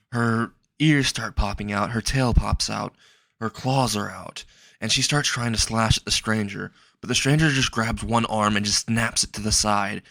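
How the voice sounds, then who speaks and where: A young man narrating a dark fan fiction story in a slow, halting way. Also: no echo, clean studio sound. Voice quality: low, gravelly voice.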